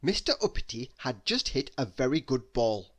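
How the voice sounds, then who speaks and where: A man reading a children's bedtime story aloud, animated and asking the listener questions as he goes. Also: mid-range voice, normal speed.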